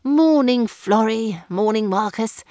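A woman voicing a long-suffering, henpecked male headmaster, who sighs and talks slowly. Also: fairly low pitch, dry recording, studio quality, natural voice. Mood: weary. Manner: sighing, slow, put-upon.

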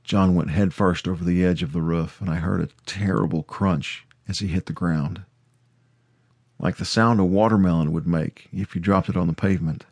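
A male audiobook narrator with a very low voice tells the story in first person, measured and steady. The recording is close and completely dry, with no room sound at all. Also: slightly rough, no room sound.

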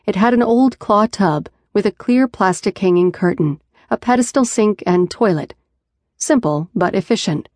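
A woman narrating a first-person audiobook in a measured, even storytelling manner. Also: medium pitch, dry recording, clean studio sound. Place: studio booth. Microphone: close studio mic.

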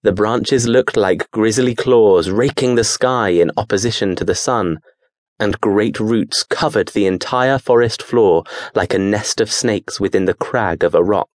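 A man narrating an audiobook in a measured, steady storytelling manner. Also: lowish voice, no room sound, studio quality.

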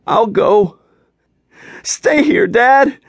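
A man voicing a frightened teenage boy who pleads in a high, strained voice. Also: animated, very slow, dry recording, heavily acted. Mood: pleading.

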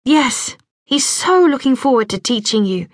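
A woman narrator voicing a young woman who is a caring, cheerful big sister, bright and reassuring in tone. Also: high voice, expressive, unhurried, dry recording, clean studio sound.

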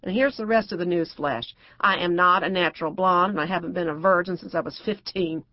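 A woman's voice: fairly low pitch, brisk, dry recording, lo-fi sound, lightly acted. A woman narrator voicing a brassy, outspoken middle-aged divorcée who talks bluntly and crudely.

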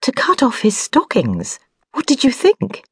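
A woman voicing a proud, commanding noblewoman who speaks in a brisk, imperious, sharp-tongued way. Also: deep voice, lively intonation, slightly rough, dry recording, clean studio sound. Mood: brisk, urgent.

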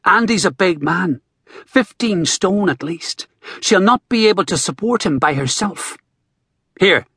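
An earnest young doctor, speaking emphatically, as a male narrator voices him. His husky voice swings widely, recorded dry and close. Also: high-pitched, animated, unhurried, sharp tone, no echo, heavily acted.

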